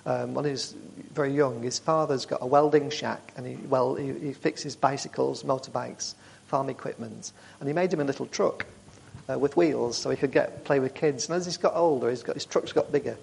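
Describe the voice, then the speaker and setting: A man speaking to a church group, telling warm, rambling stories with frequent restarts. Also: mid-range voice, moderate pace, vocal fry, a little hiss or hum. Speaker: charity speaker.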